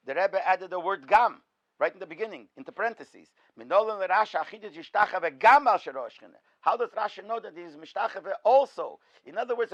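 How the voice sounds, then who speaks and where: Male rabbi, high-pitched, lecture style, asks and answers his own questions, muffled lo-fi audio. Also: fairly bright tone. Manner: poses questions and answers them himself. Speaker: rabbi teaching a class. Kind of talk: in-depth Torah lecture.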